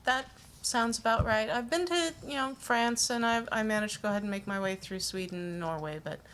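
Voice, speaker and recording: A woman's voice: a little high, a little fast, fairly bright tone, a little hiss or hum, voice pushed up, close to an everyday voice. A woman voicing a shy young female music graduate student who answers politely with many hesitations.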